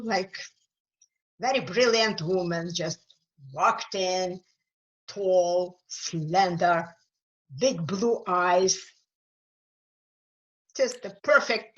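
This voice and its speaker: A woman speaking with an East European accent, a guest author talking slowly and thoughtfully in a webinar, sometimes repeating words as she searches for them. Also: on the low side, dull audio. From Ukraine. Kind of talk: webinar talk.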